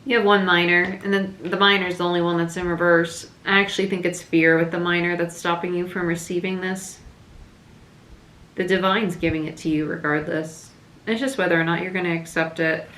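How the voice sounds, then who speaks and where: A woman giving a casual, chatty tarot reading to camera, thinking aloud with fillers, a little hoarse. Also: lowish voice, fairly even intonation, brisk, a bit bright, echoey room. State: slightly losing her voice. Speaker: tarot reader.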